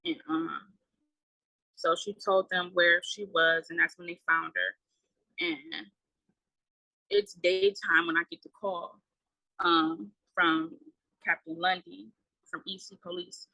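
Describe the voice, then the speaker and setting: A young woman speaks haltingly, stopping often on fillers as she recounts a painful story. Her voice sits low yet sounds bright and forward. The recording is dry and close. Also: fairly even intonation, dry recording, rough recording. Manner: halting, many fillers, quiet trailing words. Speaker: guest. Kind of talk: emotional personal account.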